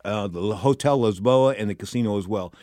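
A man's voice: fairly low pitch, fairly quick, a little mellow, dry recording, clean studio sound. An older man hosting a boxing talk show, giving casual commentary in a rambling, digressive way full of wisecracks.

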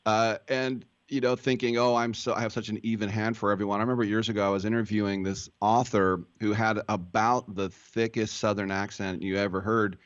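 A man's voice: lowish voice, level tone, brisk, hardly any pauses, no echo. A man hosting a sports talk radio show, asking loose, rambling questions full of fillers. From Berkeley, California. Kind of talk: casual radio interview. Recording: dull, lo-fi broadcast sound.

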